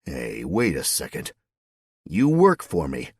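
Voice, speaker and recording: A man's voice: very deep voice, wildly swooping pitch, slow, breathy edge, no room sound, full character voice. A man voicing a wry small-town farmer with a dry, wisecracking manner.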